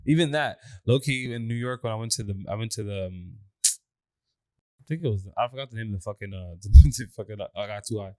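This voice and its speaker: A man's voice: on the low side, brisk, dry recording, clean studio sound. A man hosting a podcast in casual chat, joking and laughing a lot, swearing freely and rambling through restarts. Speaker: podcast host.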